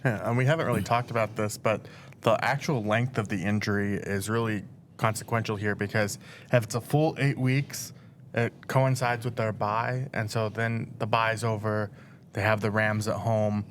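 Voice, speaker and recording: A man's voice: on the low side, steady tone, moderate pace, slight background noise. Analytical man in a sports podcast. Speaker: sports reporter. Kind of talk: casual sports podcast chat.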